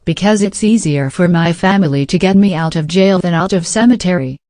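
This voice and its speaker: A man putting on a heavy mock Russian accent, voicing a meme in a deadpan way. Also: high voice, a little fast, no echo.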